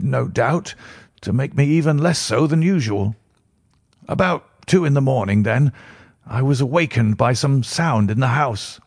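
A husky-voiced man reads a classic first-person tale aloud in a measured, formal way. His pitch sits in an ordinary middle range. The recording is dry and close, with no room sound. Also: no room sound. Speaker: audiobook narrator. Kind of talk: scripted narration of a classic first-person story.

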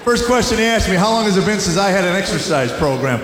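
A high-pitched man in his fifties working a stand-up set with folksy, wry storytelling. He is recorded live in a large, reverberant hall. Loud laughter and room noise sit behind him. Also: lively intonation, fast talker, over a noisy crowd. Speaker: stand-up comedian. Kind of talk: stand-up comedy routine. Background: audience laughter.

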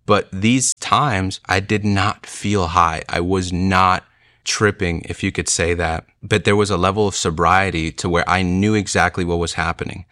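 A man's voice: deep voice, fairly even intonation, normal speed, bright, forceful tone, dry recording, studio quality. A young man earnestly telling a personal conversion story, reflective and loose, with lots of "like" and "you know.". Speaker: speaker sharing a conversion testimony.

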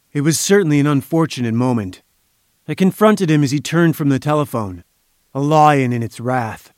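A man reading an audiobook in measured, even scripted narration. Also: fairly high pitch, dry recording, clean studio sound.

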